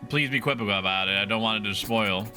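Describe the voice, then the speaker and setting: A fussy, hurried town mayor, as a man puts him on, rattling off an errand in quick, raised tones. The voice is pitched a little above the man's natural one, with game music playing under it. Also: close to an everyday voice. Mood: brisk request. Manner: quick, raised, clipped delivery of game lines.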